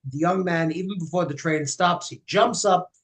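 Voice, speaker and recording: A man's voice: high voice, normal speed. A man leading a Friday night service in a synagogue, telling an old joke in a chatty, joking way. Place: synagogue sanctuary.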